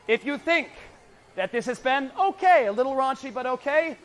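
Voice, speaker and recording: High-voiced pompous frenchman as a comedian puts him on, put-on french accent, rambling, stage comedy. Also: expressive, normal speed, fairly bright tone, slight background noise. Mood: mock-serious. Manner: rambling, exaggerated, mock-serious. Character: boastful exaggerated Frenchman comedian, adult man. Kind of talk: stand-up character comedy.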